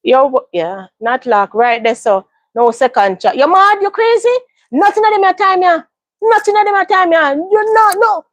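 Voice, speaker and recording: High-voiced woman, dry sound. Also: animated, normal speed, no room sound. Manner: emphatic, repeats phrases for stress. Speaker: livestream host. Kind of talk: casual advice monologue.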